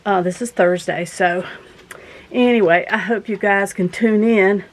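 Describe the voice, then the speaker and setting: A woman in casual vlog chat, out of breath and talking in a folksy, rambling way. She speaks earnestly to her viewers from outdoors after coming in from the garden. Her voice sits at an everyday middle pitch. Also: steady tone, measured pace, poor audio. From southern United States. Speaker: vlogger host.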